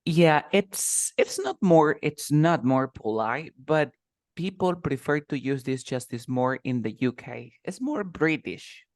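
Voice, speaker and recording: A man's voice: a little high, animated, unhurried, no room sound, clean studio sound. A man teaching English one-to-one online, patiently repeating example phrases.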